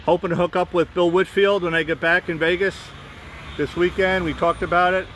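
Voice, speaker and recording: Man vlogging on a phone outside, rambling, slightly high voice, faint traffic behind. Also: flat delivery, brisk, fairly bright tone. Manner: chatty, rambling, frequent restarts. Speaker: vlogger and fan group host. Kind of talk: rambling live-stream chat.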